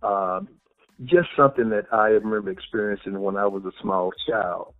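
A man's voice: on the low side, moderate pace, narrow, tinny audio, soft background music. A man hosting a podcast who tells a childhood story in a reflective way and affirms his guest often. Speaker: podcast host. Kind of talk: conversational interview.

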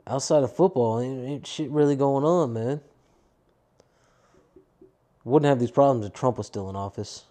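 A young adult man talks alone into his podcast mic, rambling and swearing with a tired, downbeat edge. His voice is mellow and warm, never bright. He drifts loosely from one gripe to the next. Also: mid-range voice, moderate pace, pauses often. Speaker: podcast host. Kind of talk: casual solo podcast rant.

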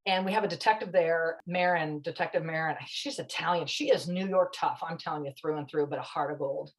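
A woman's voice: sits low, a little fast, rough recording. A woman guest in a conversation, telling a story in a passionate, emphatic, chatty way.

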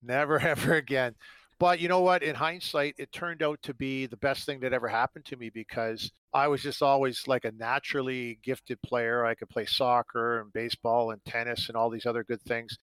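Middle-aged guy from canada rambling thru old hockey stories, bright forceful voice, dry sound. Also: medium pitch, steady tone, normal speed, hardly any pauses, smooth, no echo, rough recording. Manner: rambling anecdotes full of fillers, acting out quotes. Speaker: guest, former hockey player. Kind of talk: storytelling in an interview.

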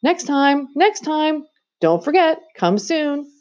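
A woman's voice: lowish voice, sing-song, normal speed, dark tone, muffled recording. A woman voicing a cold, scheming queen who coaxes a boy with sweet, commanding persuasion, in a storybook reading. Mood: sly.

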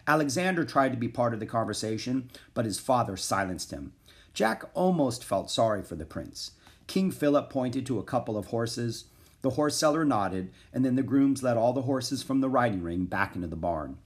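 A man narrating a children's book in an expressive storytelling voice. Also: mid-range voice, normal speed. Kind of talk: children's audiobook reading.

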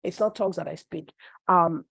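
A woman's voice: lowish voice, moderate pace, creaky, no room sound. A middle-aged woman preacher, giving a sermon full of personal testimony, telling stories animatedly and rising to cries. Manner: animated storytelling that rises to cries. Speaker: apostle, preacher.

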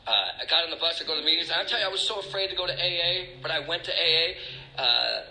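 A man's voice: on the high side, fast, sharp tone. A man telling his own recovery story candidly, with blunt, self-mocking humor. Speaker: speaker sharing a recovery story. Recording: echoey room.

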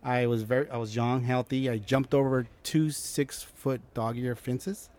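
A man speaking in an interview at an average pitch, recounting events in a loose, animated way. He slips into the voices of the people he quotes and often restarts his sentences. The delivery sounds like a relaxed chat. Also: a little slow. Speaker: guest. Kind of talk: casual interview storytelling.

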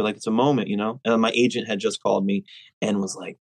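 Animated, chatty man telling stories. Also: lowish voice, quick pace, dry recording, low-quality recording. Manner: animated storyteller with many fillers and restarts. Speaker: actor telling stories in a conversation. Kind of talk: casual chat.

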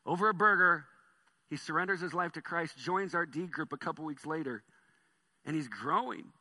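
A man preaching a sermon as pastor, telling stories with animated swings between soft and loud delivery. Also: a little high, normal speed.

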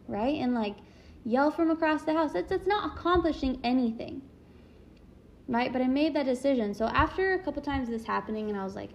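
A woman's voice: fairly high pitch, lively intonation, fast, vocal fry. A young adult woman speaking candidly and reflectively as a parent, in a casual monologue full of "like" fillers. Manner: candid, self-reflective, chatty with many "like" fillers.

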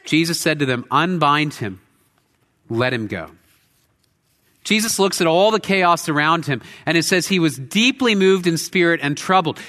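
A male pastor preaching a sermon in a church, earnest, shifting between intense emphasis and quiet reflection. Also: fairly high pitch. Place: church sanctuary. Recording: long hall reverb.

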